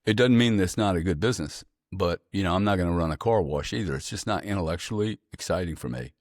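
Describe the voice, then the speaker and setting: Deep-voiced man telling blunt stories. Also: fast, no room sound, clean studio sound. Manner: blunt, profane, animated storyteller. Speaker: podcast guest. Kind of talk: casual storytelling interview.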